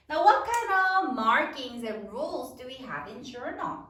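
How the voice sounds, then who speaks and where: A woman teaching a spelling lesson to young children, sounding out each word slowly in a sing-song teacher voice. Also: sits high, big pitch swings, fairly bright tone, roomy sound, distant mic.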